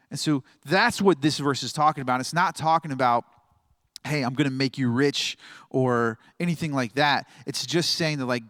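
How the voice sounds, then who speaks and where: A man's voice: medium pitch, a bit bright, no echo, studio quality. A man in his thirties giving a casual, rambling sermon as a pastor, joking and laughing often.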